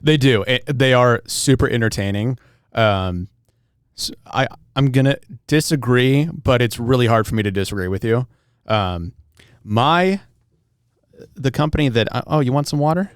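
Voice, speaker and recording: Casting: young male podcast co-host, smooth voice, dry close mic, laid-back and rambling. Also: medium pitch, measured pace, no room sound. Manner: relaxed, rambling, many fillers and restarts. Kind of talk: casual chat.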